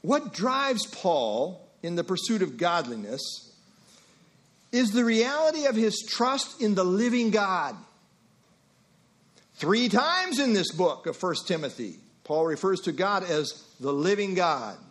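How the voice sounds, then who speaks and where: A middle-aged male pastor preaching an expository sermon, emphatic, with rhetorical questions and quick asides. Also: high-pitched, big pitch swings.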